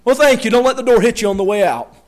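A man with a strikingly high voice preaches a sermon to his congregation. He acts out the lines of the people he quotes and raises his voice to a shout on key points. The delivery is animated throughout. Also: fast. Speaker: pastor.

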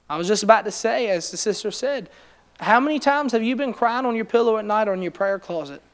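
A man's voice: high voice, a bit bright, smooth. A man preaching a conversational sermon, asking his congregation questions and building to emphatic, rising passages. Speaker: preacher leading a Bible study.

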